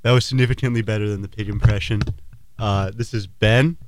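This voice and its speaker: A man's voice: on the low side, fairly even intonation, fairly quick, no echo. A young man from Portland, Oregon, a college student, introducing himself in a dry, matter-of-fact way on an outdoor radio show. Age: young adult. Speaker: co-host. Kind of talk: casual chat. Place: outdoors on a campus quad.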